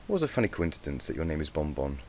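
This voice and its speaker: A man's voice: very deep voice, very animated, quick pace, darkish tone. Guy reading as a cheery motherly pony teacher from a storybook, calls everyone dear, a little hiss under it. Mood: cheerful. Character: kindly confident mare cooking teacher.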